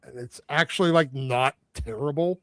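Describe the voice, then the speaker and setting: A man's voice: medium pitch, moderate pace, a bit bright, no echo. A man on a casual podcast panel, making wry, sarcastic remarks. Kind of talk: casual chat.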